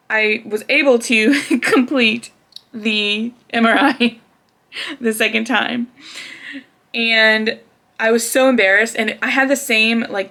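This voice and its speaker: A woman's voice: fairly high pitch, vocal fry, pushed and bright. A young woman casually telling a personal story to camera, chatty, with frequent laughs and fillers. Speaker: vlogger.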